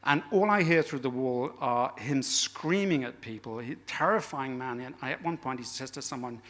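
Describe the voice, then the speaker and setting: A man's voice: medium pitch, moderate pace, a bit bright. A man telling a personal anecdote on stage as a guest speaker, conversational and self-deprecating, swearing freely as the story builds.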